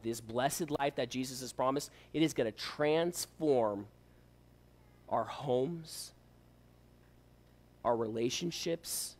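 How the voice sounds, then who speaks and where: A man preaching a sermon as a pastor, pressing his listeners with rhetorical questions. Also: medium pitch.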